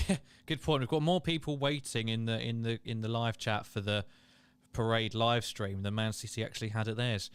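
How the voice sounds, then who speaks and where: A man's voice: mid-range voice, steady tone, moderate pace, smooth. A man hosting a casual live watchalong, chatting and reading viewer comments aloud. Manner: chatty, reads chat aloud, laughs and exclaims. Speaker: livestream host.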